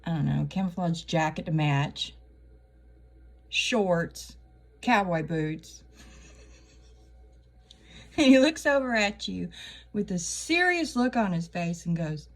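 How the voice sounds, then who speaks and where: A middle-aged woman talks to her camera in a loose, joking monologue. Her voice sits a little low, and she chuckles at her own punchlines as she rambles. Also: expressive, slow, long pauses. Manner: chatty, wry, laughs at her own jokes. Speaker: channel host. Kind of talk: casual comedic monologue.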